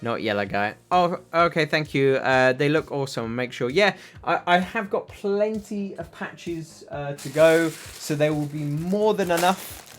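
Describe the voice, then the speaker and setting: A man's voice: a little high, lively intonation, a little slow, fairly bright tone. A British man hosting a casual livestream, answering viewers' chat in a rambling way with lots of ums and uhs. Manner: rambling, filler-heavy, answers chat questions. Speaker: livestream host reading chat.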